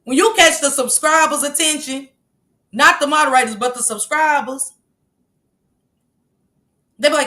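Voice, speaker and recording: A woman's voice: high voice, normal speed, pauses often, sharp tone. A woman hosting a casual livestream, reading the chat aloud and bluntly scolding commenters. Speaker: livestream host.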